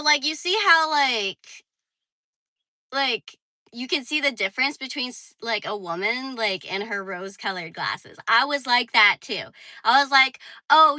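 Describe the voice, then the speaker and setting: Squeaky-voiced young woman livestreaming. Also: pushed and bright, dry recording, rough recording. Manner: chatty, heavy use of "like", reads viewer comments. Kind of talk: casual livestream chat. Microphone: phone.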